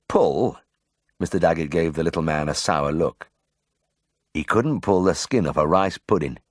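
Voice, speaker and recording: A deep-voiced man reads a memoir audiobook, telling it expressively with a lively, varied pitch. The recording is close and completely dry. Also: no room sound. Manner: expressive first-person storytelling. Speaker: audiobook narrator. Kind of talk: audiobook narration.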